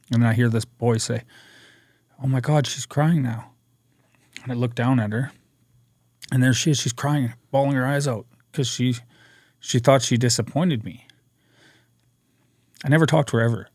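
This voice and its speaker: A man telling his recovery story as a podcast guest, earnest and energetic, acting out what people said. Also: mid-range voice, a little fast, pauses often, no echo, studio quality. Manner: energetic, earnest storyteller who acts out quotes. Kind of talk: personal storytelling interview.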